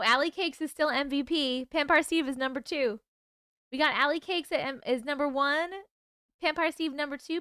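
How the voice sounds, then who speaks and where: A woman's voice: sits high, a bit bright, no room sound, clean studio sound. A woman hosting a casual live stream, chatting bubbly and thanking viewers by name. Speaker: livestream host.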